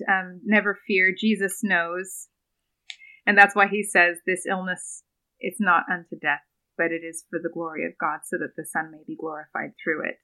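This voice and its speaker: Young woman, fairly low-pitched, bright tone, earnest, thoughtful, podcast guest. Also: rough recording. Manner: earnest, thoughtful, with frequent ums and small laughs. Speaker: podcast guest, doctoral student in biblical studies. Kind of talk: conversational interview, retelling scripture.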